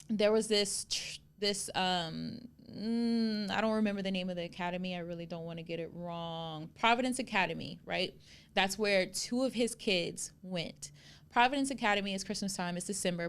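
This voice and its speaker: A woman co-hosting a podcast tells a story in casual conversation, acting out quotes and swearing freely. Her voice is smooth and medium in pitch.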